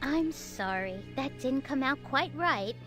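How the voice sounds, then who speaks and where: Margaret, a gentle young woman. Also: sits high, lively intonation, a little slow, over music. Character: gentle polite young woman, kindly older sister. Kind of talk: video game voice acting.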